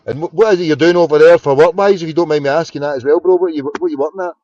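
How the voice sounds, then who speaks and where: A man's voice: a little high, rapid-fire, a little mellow, no room sound. A Glaswegian man hosting a casual late-night phone-in, chatting with callers and fiddling with his computer between calls. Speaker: phone-in show host. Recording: dull, lo-fi home broadcast.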